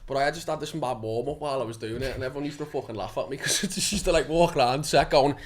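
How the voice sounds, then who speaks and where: A man's voice: mid-range voice, fast. A young man, a guest actor talking casually, rambling, swearing often and laughing as he goes. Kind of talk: casual chat.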